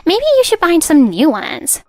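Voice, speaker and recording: Woman doing a haughty young daughter-in-law, high-pitched, lively sneering delivery, dismissive, faint music behind. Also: measured pace, no room sound, full character voice. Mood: mocking. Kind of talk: narrated drama story.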